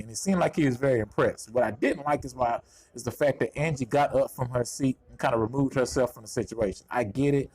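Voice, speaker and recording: A man's voice: medium pitch, fast talker, darkish tone. A man from Houston with a Southern Texas accent talks through a casual TV review in a chatty, self-deprecating way. He is outdoors at a golf course, picked up by a clip-on mic on his shirt. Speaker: TV show reviewer.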